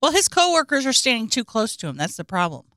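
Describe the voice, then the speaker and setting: A woman co-hosting a casual chat, deadpan, dropping odd trivia and mock quotes. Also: a little high, fast, dry recording, studio quality.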